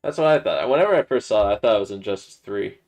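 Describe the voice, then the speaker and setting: A man's voice: lowish voice, expressive, quick pace, darkish tone. A young man hosting a casual gaming livestream, hesitant and stammering, with lots of fillers. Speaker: streamer and host.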